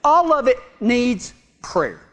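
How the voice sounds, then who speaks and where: A man preaching a sermon in a folksy, joking way, swinging from loud to hushed. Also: very high-pitched, sing-song, slow pace. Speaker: pastor. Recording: long hall reverb.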